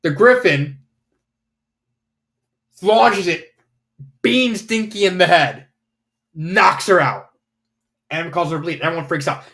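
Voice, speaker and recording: A man's voice: high voice, lively intonation, takes it slowly, pauses often, pushed and bright. A man casually reviewing fanfiction, rambling with lots of fillers and the odd swear word.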